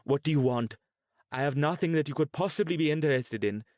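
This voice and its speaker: A man's voice: a little high, fairly quick, darkish tone, no room sound, voice pushed up, close to an everyday voice. A man voicing a frightened, defiant mother held captive, talking in a pleading, fierce way in an audiobook. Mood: desperate.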